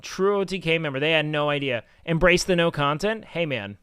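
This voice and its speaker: A man's voice: on the high side, animated, brisk, a bit bright, clean tone, no room sound, studio quality. A man streaming, chatting casually and telling rambling, profane stories.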